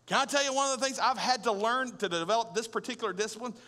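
Male pastor, high bright voice, animated conversational preaching, big reverberant hall. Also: fast talker. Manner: conversational and animated, with rhetorical questions and humor. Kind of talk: sermon. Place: large church auditorium.

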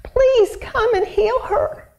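Tearful pleading father, put on by a woman, high strained voice, children's Bible story. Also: slow, gravelly, a little mellow, a little hiss or hum, full character voice. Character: tearful, desperate father pleading for his daughter.

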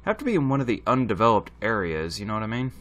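Man, let's play commentary, chatty, thinking aloud, lively pitch, faint game music behind. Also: fast talker. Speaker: gaming channel host.

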